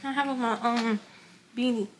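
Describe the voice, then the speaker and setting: High-voiced woman greeting a phone camera. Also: fairly even intonation, moderate pace, noisy background. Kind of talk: casual vlog cameo.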